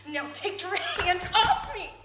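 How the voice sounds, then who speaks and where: An actress playing a manic, defiant woman arguing with her husband, excitable with brittle laughter. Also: extremely high pitch, measured pace. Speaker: drama student in a showcase scene. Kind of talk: dramatic two-hander scene. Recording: echoey room with hiss.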